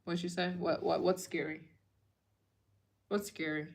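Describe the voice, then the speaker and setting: Late at night, a worn-out young woman runs a fundraiser livestream as a travel vlogger, chatting casually with her audience. Her talk drifts through fillers and false starts, often fading to a drowsy, low murmur before she livens up again. The delivery is flat and steadily paced, with vocal fry.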